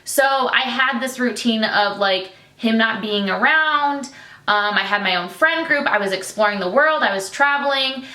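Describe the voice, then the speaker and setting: A woman's voice: fairly high pitch, normal speed, sharp tone, roomy sound. A young woman from Michigan talking candidly to camera in a personal vlog, chatty with many fillers and tearful at times. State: tearful, getting emotional. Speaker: vlogger, military wife.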